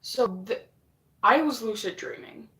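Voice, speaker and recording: Slow-talking woman telling a story. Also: fairly high pitch, sharp tone. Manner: rambling, frequent swearing, acts out quoted lines. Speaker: vlogger. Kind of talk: casual storytelling.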